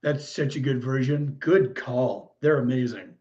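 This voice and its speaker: Mellow-voiced man chatting on a livestream. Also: mid-range voice, unhurried. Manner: chatty and easily delighted, frequent exclamations and laughs. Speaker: livestream host. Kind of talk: casual live chat reading viewer comments. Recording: muffled lo-fi stream audio.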